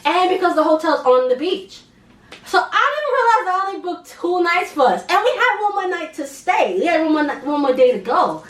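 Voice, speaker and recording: Young female vlogger, high pitch, animated slangy storytelling, roomy and slightly distant sound. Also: brisk. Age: young adult. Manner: animated, slangy, laughs while telling. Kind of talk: casual storytime.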